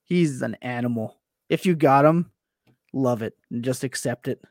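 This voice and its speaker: A man chatting on a podcast as a guest, animated and self-deprecating, often stumbling and restarting his words. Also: mid-range voice, moderate pace, no room sound, studio quality. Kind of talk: casual chat.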